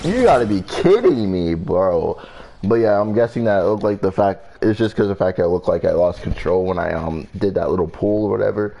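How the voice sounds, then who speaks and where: A man's voice: sits low, steady tone, a little fast, creaky, mellow, slight background noise. A young man casually telling a storytime vlog story, rambling and profane with lots of fillers. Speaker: vlogger.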